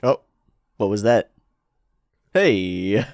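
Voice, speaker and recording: A woman hosting a reaction video, commenting on an anime in an excitable way, swearing and laughing loudly, going from mutters to squeals. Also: low-pitched, slow, pauses often, dry recording, studio quality. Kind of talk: casual reaction commentary while watching anime.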